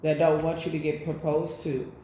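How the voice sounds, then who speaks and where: A woman doing a tarot reading, talking in a loose, chatty, profane way with sudden loud bursts. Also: sits low, level tone, normal speed, a little hiss or hum. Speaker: tarot reader. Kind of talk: casual spiritual reading and storytime. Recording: very echoey room.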